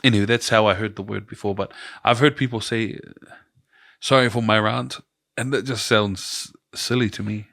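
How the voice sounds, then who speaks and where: A man with a New Zealand accent, co-hosting a casual podcast chat, relaxed and storytelling, laughing often. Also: lowish voice, fairly quick, few pauses, no echo, clean studio sound. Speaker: podcast co-host.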